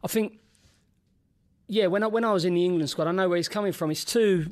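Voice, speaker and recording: A man's voice: sits high, a little fast. A man with a Cockney accent on a podcast, telling rambling, laughing anecdotes and swearing freely. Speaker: podcast co-host, former footballer. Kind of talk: casual podcast banter.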